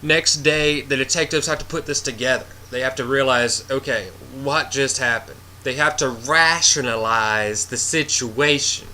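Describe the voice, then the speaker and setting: A man's voice: medium pitch, moderate pace, few pauses, pushed and bright, slight background noise. A man reviewing a movie in a casual, rambling way, blunt and swearing freely as he retells the plot with animation.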